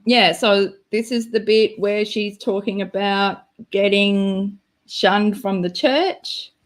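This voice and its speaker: A woman's voice: medium pitch, steady tone, slow pace. A woman hosting a live stream, chatting casually and rambling with lots of "like" and giggles. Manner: rambling, giggly, full of "like" fillers.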